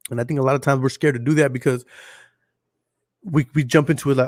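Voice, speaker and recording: A man's voice: mid-range voice, fairly even intonation, quick pace, pauses often, no echo, studio quality. A man with a Texas accent hosting a casual solo podcast, blunt and profane, talking straight to his listeners. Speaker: podcast host.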